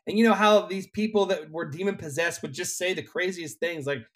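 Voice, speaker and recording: A young adult man, a worship leader, telling an earnest, animated personal story in a relaxed conversation. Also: sits high, a little fast.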